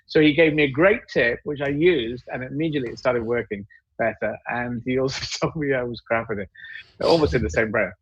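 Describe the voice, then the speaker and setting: A male comedian telling stories in a casual panel chat, rambling and halting as he goes. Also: medium pitch, slightly rough, no room sound, dull audio.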